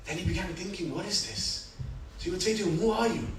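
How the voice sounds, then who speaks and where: A man with a fairly high voice delivers a sermon, telling stories with surging dramatic passages and hushed reflective ones. He is heard from some distance in a reverberant hall, with a faint hum of room ambience behind him. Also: quick pace. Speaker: speaker at a religious gathering. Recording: echoey hall, speaker far from mic, faint room noise.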